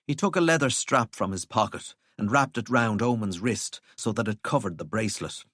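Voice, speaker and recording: A man reading an audiobook as narrator, in an expressive storytelling manner. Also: lowish voice, moderate pace, few pauses, dry recording, clean studio sound. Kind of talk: scripted narration.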